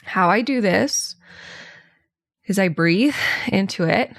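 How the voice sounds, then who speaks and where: A woman's voice: medium pitch, expressive, slow pace, creaky, no room sound. Candid woman podcast host, dry sound. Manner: candid, chatty, venting with laughs. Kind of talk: casual solo podcast monologue.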